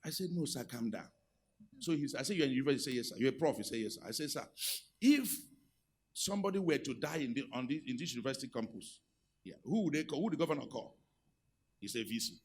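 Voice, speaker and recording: A middle-aged Nigerian man preaching a sermon, moving from quiet asides to loud, rousing exhortation. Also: medium pitch, animated, fast, slight background noise. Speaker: pastor. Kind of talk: sermon on marriage and leadership.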